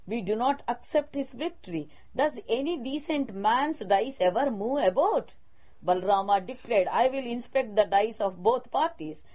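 A woman's voice: medium pitch, a little mellow. A woman narrating a story aloud, reading a prepared text with small slips and restarts and giving the quoted speakers only light changes of voice.

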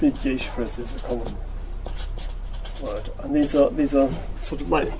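Halting, thoughtful male teacher. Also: mid-range voice, dark tone, rough recording. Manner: halting, thoughtful, corrects himself mid-sentence. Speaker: teacher leading a study group. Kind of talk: reading a text aloud and explaining it.

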